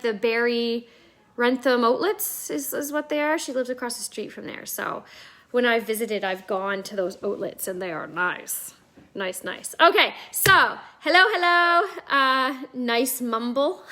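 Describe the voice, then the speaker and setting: Host, female, 30s, Nova Scotia accent, high-pitched, chatty and filler-heavy live-stream talk. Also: animated, measured pace, bright, forceful tone. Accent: East Coast Canadian. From Nova Scotia, Canada. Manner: bubbly, chatty, rambling with many fillers. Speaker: network marketing host on a live video call. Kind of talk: casual live-stream chat. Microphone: video call.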